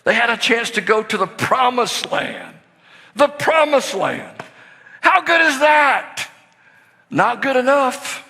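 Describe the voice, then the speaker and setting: Gravelly older preacher man in a reverberant hall. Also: very high-pitched, measured pace. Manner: storytelling, swings from hushed to excited shouting. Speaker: pastor. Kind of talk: sermon. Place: church sanctuary. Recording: long hall reverb in a church.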